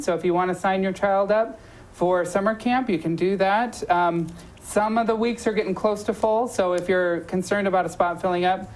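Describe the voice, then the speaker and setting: On a local talk show, the female host, whose voice is lowish and whose audio is poor, chats casually to promote something. She says um a lot and keeps correcting herself and starting over.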